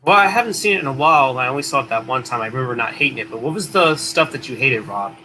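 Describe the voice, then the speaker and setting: A man's voice: medium pitch, expressive, fast talker, noisy background. A man, a guest on a live online show, asking the host questions in casual chat.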